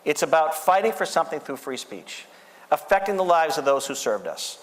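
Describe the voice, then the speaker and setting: Man in his fifties, earnest and emphatic, a bit high-pitched, in a big echoing hall. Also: big pitch swings, normal speed. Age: 50s. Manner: earnest, emphatic, repeating phrases. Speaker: radio show host. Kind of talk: speech at an event.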